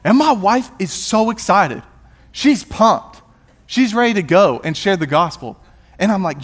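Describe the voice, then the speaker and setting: A man in a pastoral role shares a testimony from the pulpit with an animated, self-deprecating storytelling manner. His voice sits a little higher than most men's, and he tumbles through quick restarts as the story builds. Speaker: youth pastor and worship leader.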